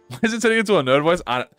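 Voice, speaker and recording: A man streaming a game, a bit hoarse after hours of talking, tossing out casual joking asides. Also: high voice, a bit bright, no echo. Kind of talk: casual playthrough commentary.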